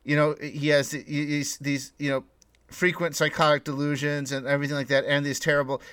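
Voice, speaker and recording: Higher-voiced man in a dry, rambling podcast chat. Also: little pitch movement, fairly quick, a bit bright, smooth, no room sound. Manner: rambling, many restarts, laughs while talking. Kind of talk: casual podcast discussion.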